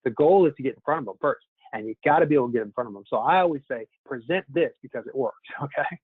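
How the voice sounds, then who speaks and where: A man's voice: medium pitch, animated, racing, breathy edge, no echo. A man running a sales training session, coaching his listeners in an upbeat way and often calling them "guys". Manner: upbeat, coaching, keeps addressing the group as "guys". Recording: tinny phone line, dry.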